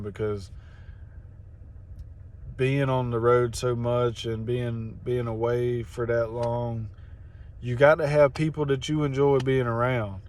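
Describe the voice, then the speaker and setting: A man's voice: mid-range voice, darkish tone. A man casually telling stories from a racing crew's week, folksy and drawling, dropping "man" often. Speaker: racing crew member. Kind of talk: casual storytelling vlog.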